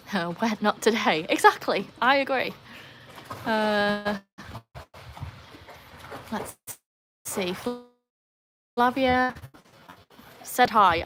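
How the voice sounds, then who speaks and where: An Englishwoman with an English accent hosts a relaxed live stream from beside a backyard pool, chatting with viewers as they join. Her voice sits at an ordinary mid pitch and leaps up brightly whenever she greets someone. A faint hum of outdoor ambience sits behind her. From England. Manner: chatty, jumps to high excited greetings. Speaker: livestream host reading chat. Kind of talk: casual live chat.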